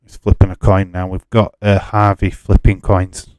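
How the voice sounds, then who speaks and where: A man's voice: deep voice, flat delivery, moderate pace, darkish tone, smooth, no echo. A man hosting a live stream, chatting casually with his viewers and arguing with them in an exasperated way, laughing often.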